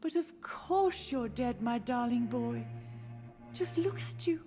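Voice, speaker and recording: A woman's voice: fairly high pitch, expressive, takes it slowly. Frail, haunted elderly mother. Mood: insistent. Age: older. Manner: wistful, drifting, gently confused. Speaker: game character. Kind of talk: video game voice acting. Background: soft game music.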